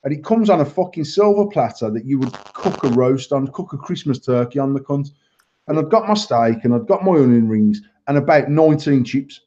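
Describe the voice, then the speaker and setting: A man's voice: medium pitch, expressive, a little fast, warm tone. A man, hosting a live chat show and telling a worked-up, sweary rant. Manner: ranting, heavy swearing, worked-up. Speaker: podcast host. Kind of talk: casual live-stream chat, storytelling. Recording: slightly muffled lo-fi stream audio.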